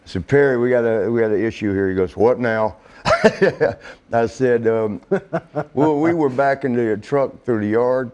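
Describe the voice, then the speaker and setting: A middle-aged man telling a casual story, laughing often and swearing, acting out quotes in a higher voice. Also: measured pace, mellow, clean tone, dull audio. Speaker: interview guest.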